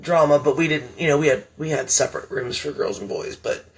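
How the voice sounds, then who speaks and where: A woman stand-up comedian, chatting as a podcast guest and telling stories in a blunt, profane, animated way. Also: low voice, a little fast, a loud crowd. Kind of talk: casual chat, storytelling.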